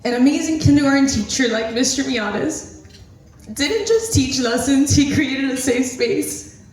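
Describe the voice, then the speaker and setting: A woman in her thirties from the Miami area gives an earnest tribute speech to a former teacher, fighting back tears and laughing nervously. Her voice is slightly high. It echoes heavily around a big hall, picked up from far off the mic. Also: animated, measured pace, darkish tone. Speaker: former student giving a speech. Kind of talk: emotional tribute speech, partly read. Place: hotel banquet hall.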